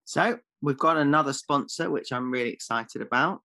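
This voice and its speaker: This podcast co-host has a medium-pitched, pushed and bright voice at a moderate pace. He fires back defensive, sarcastic jokes on a comedy podcast.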